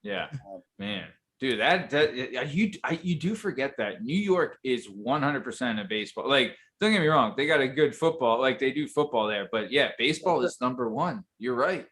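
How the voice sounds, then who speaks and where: A man's voice: medium pitch, animated, moderate pace, a bit bright. A man hosting a podcast in casual chat, bantering and swearing freely. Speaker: podcast host.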